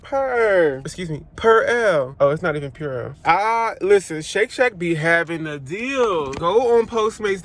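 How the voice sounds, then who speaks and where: Chatty animated young man vlogging. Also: fairly high pitch, moderate pace, few pauses, slight background noise. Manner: chatty, animated, playful asides, laughs often. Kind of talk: casual vlog chat. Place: outdoors in a city park and in a car.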